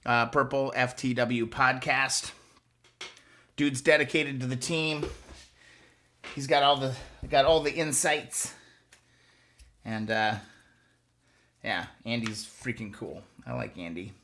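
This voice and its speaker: A man's voice: medium pitch, takes it slowly, pauses often, bright, forceful tone, slight background noise. A man hosting a live stream, chatting casually and coaching viewers step by step through a hands-on task. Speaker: host of a motorcycle restoration live stream.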